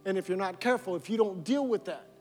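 A pastor preaching a sermon, building repeated lines into emphatic calls and dropping low to press a point. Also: male voice, animated, quick pace, a little mellow. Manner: repetitive preaching cadence, rising to emphatic calls. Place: church sanctuary. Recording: long hall reverb with music.

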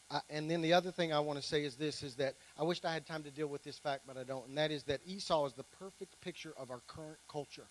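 A man's voice: a little high, fast talker, few pauses, slight background noise, rough recording. A man preaching a sermon to his congregation, emphatic, with playful joking asides. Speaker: pastor.

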